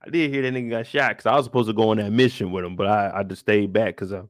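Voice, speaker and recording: A man hosting a live after-show, telling a story in an animated, profane way with sound effects. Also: lowish voice, rapid-fire, dry recording. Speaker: show host.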